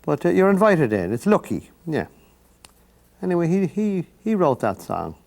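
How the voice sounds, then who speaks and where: This older Irish painting instructor sounds a little high, very animated and darkish, with vocal fry and a normal speaking speed. He hosts the lesson while rambling to the viewer in folksy asides as he paints.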